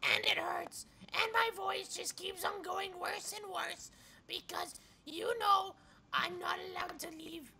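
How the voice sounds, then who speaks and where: A woman voicing the sore back of a neck as a grumbling, unloved figure, complaining in a raspy, creaky voice. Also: very high voice, fairly even intonation, slow, bright, forceful tone, pitched above the performer's own voice, heavily acted. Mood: whispered complaint. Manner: whiny complaining.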